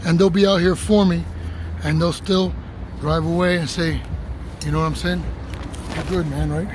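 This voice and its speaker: Man, high voice, loud excitable street live stream, swears a lot, traffic noise behind. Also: normal speed. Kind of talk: casual live-stream vlog. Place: city street outdoors. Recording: noisy street with passing traffic.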